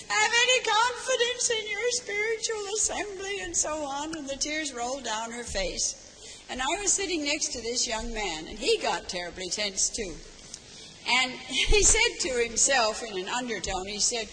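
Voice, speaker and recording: A woman's voice: a little high, bright, forceful tone. An older woman giving a reflective religious talk, earnest and emphatic, telling anecdotes and repeating words for stress. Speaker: speaker. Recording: long hall reverb, faint hiss.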